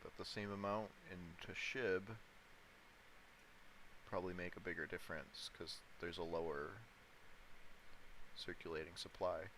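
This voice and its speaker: On a casual stream where he day-trades crypto, a man muses aloud and addresses chat in a slow, low voice with some brightness to it. His tone stays steady, he laughs softly a lot, and a faint hum runs beneath a rough recording.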